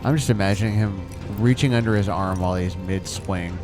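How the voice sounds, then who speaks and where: A man giving upbeat game commentary with quick exclamations, over game music. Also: low-pitched. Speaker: gaming video host.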